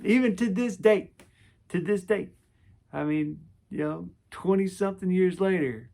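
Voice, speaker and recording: A man's voice: on the high side, vocal fry, darkish tone. A man in his forties telling a personal story to camera, casual and rambling, with lots of restarts and fillers.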